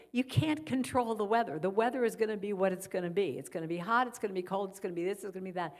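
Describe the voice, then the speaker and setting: A middle-aged woman speaking as a guest at a church service, softly guiding listeners and telling stories. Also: medium pitch. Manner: gentle, guiding a breathing exercise then storytelling. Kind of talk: spiritual talk at a church service. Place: church sanctuary.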